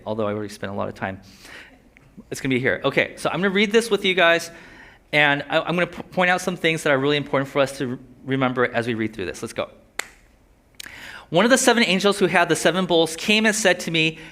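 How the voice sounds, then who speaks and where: Lisping preacher, bright and casual. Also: male voice, a little high. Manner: conversational, joking asides, voices inner thoughts. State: slight lisp from a sore tongue. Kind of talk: sermon.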